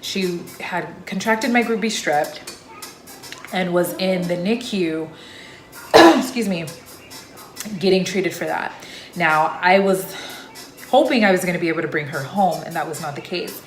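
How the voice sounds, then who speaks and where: Young woman vlogger, slightly low voice, chatty storyteller, roomy echo. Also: measured pace, long pauses, slight background noise. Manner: chatty, loose, with frequent fillers. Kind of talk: casual personal storytelling to camera. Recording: echoey room.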